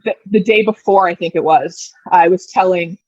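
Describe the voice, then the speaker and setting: A woman's voice: lowish voice, moderate pace, husky, no echo, muffled recording. A woman in her thirties, a podcast guest, telling a personal story in a casual way and acting out the lines people said. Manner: lively retelling, acting out quoted lines.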